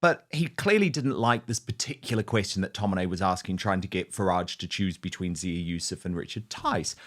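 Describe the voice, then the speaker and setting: A man's voice: low-pitched, fairly quick. A middle-aged man hosting an opinionated commentary show, emphatic and scornful. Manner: emphatic, scornful, rising to animated peaks. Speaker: host.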